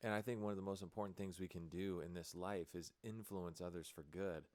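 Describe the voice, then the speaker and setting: A man who is the guest, gently prompting with questions and using filler words in a casual chat. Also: sits low, fairly even intonation, fairly quick, no room sound. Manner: coaxing, prompting questions, uses "like" and "you know". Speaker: podcast guest, teacher.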